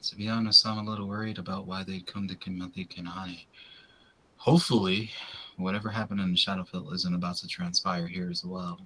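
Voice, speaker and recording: A man playing a tabletop game who speaks in a measured way as his character. His low voice has a bright edge and is a bit husky. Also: level tone, low-quality recording. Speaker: player.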